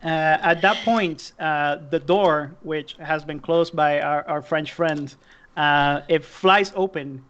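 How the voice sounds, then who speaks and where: A man's voice: a little high, slow, fairly bright tone, muffled recording. A man narrating a tabletop game as game master, casual, laughing and swearing.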